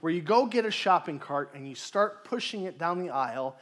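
A pastor preaching a conversational sermon, asking the congregation questions and acting out people's inner voices. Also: male voice, on the high side, expressive, fairly quick, a bit bright.

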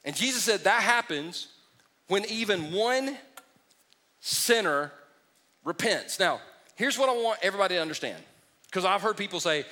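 A middle-aged man preaching a sermon in an animated, joking way, acting out mocking impressions. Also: sits high, moderate pace, long pauses. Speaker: pastor.

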